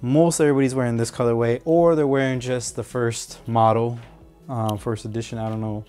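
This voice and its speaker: A man's voice: mid-range voice, steady tone, brisk, a little mellow, smooth, soft background music. A man casually reviewing and unboxing football boots, rambling with many fillers and restarts. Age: adult. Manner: rambling, self-correcting, hesitant fillers.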